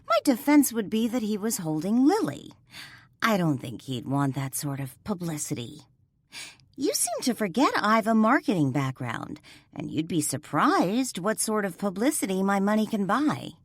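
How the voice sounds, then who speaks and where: In a clean, dry studio recording, a woman voices a defiant young heroine, pitching herself above her natural voice. She sounds very animated at a normal speed, insistent, clipped and irritated.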